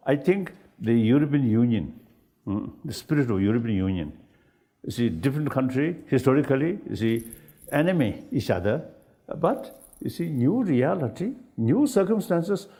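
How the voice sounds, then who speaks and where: Older man, halting and animated. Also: on the high side. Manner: halting, searching for words, frequent fillers; laughs easily, animated. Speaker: spiritual leader in dialogue. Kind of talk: unscripted dialogue.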